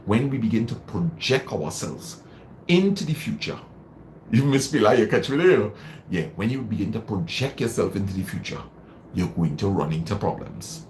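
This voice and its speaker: A man's voice: fairly low pitch, animated, moderate pace, darkish tone, a little hiss or hum. A man hosting a live stream, giving casual motivational advice, repeating phrases for emphasis and answering viewer comments. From Trinidad and Tobago.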